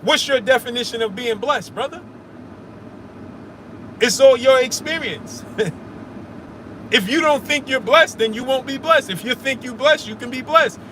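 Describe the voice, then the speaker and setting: A man's voice: very high-pitched, unhurried, long pauses, bright, forceful tone, slight background noise. A man hosting a casual live stream, arguing with viewers in the chat, repeating himself and calling them brother. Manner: argumentative, repeats himself, calls listeners brother. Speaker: sports show host answering live chat.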